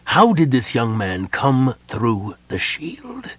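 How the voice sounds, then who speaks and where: A man's voice: medium pitch, huge pitch swings, slow, a bit bright, husky, full character voice. A man voicing an anxious, demanding elven governor-general in an audiobook, insistent and questioning.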